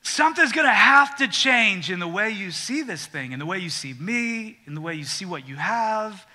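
High, bright-voiced male pastor preaching. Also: moderate pace. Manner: animated, acts out quoted voices; drops to a quiet, confiding tone. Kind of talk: sermon.

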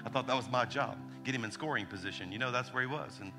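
Animated pastor telling stories, music beneath. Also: male voice, mid-range voice, fast. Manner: animated, acts out quotes, frequent restarts. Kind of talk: sermon storytelling.

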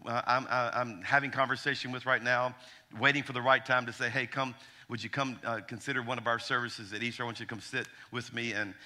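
A man in his forties, a pastor preaching a sermon from Alabama, telling stories with humor and animated asides. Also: mid-range voice. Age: 40s.

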